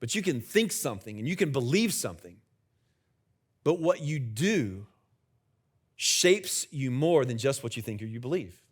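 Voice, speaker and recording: A man's voice: medium pitch, very animated, moderate pace, pauses often, husky. A middle-aged man, the senior pastor, preaching a conversational sermon in a church and joking with the congregation. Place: church sanctuary with live congregation.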